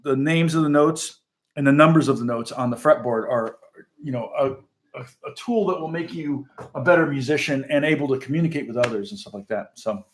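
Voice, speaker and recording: A man's voice: medium pitch, a little fast. A middle-aged man, a guitar teacher hosting a casual livestream chat, rambling and laughing often. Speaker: guitar teacher and channel host.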